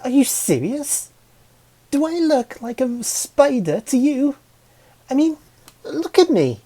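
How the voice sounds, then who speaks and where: A man's voice: very high voice, big pitch swings, takes it slowly, warm tone, voice pushed up, heavily acted. A man reading a storybook and voicing an exasperated young female pony with indignant, whiny protests.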